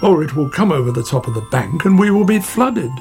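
A man voicing a chatty, worried male otter in a storybook, in close to his own gravelly voice. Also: a little high, very animated, a little fast, a little mellow, faint music behind. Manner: chatty and fretting.

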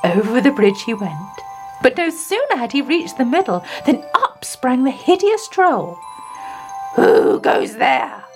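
A woman narrating a children's fairy tale in an expressive, sing-song reading voice. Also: sits high, moderate pace, music in the background. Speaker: storyteller. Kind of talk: scripted children's story narration.

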